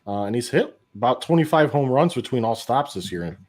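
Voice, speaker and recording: A man co-hosting a sports podcast, speaking in relaxed, measured casual chat. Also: mid-range voice. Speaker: podcast co-host.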